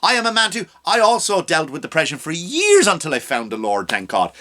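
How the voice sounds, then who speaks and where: On his comedy podcast, a middle-aged man from abroad now living in the US speaks briskly and sharply, his high-leaning pitch swooping wildly. He launches into a profane rant full of mocking impressions.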